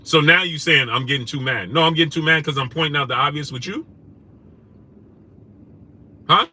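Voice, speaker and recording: A man's voice: fairly high pitch, moderate pace. A man hosting a live stream, greeting viewers and firing back at comments in a combative way. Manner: combative, rising to loud indignant questions; greets chat viewers by name. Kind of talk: livestream chat reading comments.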